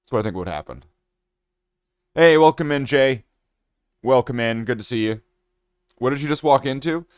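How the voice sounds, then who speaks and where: A man's voice: medium pitch, expressive, normal speed, pauses often, clear, resonant tone, no echo, clean studio sound. A man from Canada hosting a casual livestream, rambling and joking with chat while he paints miniatures. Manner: rambling, jokey, talks to chat. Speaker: streamer.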